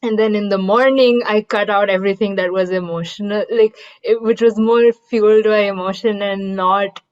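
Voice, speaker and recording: A woman in a workshop group tells her own story with a lot of hesitation and filler words. She speaks candidly at a middle pitch. The sound is a little muffled and dull. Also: fairly even intonation, moderate pace. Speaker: workshop participant. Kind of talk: personal anecdote in a group.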